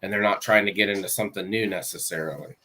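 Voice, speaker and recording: A man's voice: on the low side, fairly even intonation, quick pace, pushed and bright. A man talking casually as a real estate agent guest on a podcast, matter-of-fact with some fillers. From Florida.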